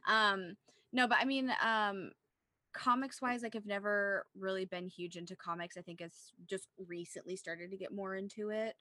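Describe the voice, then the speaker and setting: A young woman chats about movies in a loose, rambling way, leaning on fillers and laughing easily. Her voice sits at a middle pitch and is recorded dry and close, with no room sound. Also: normal speed, dry recording. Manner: chatty, lots of "like", excitable laughter. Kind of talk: casual chat about films.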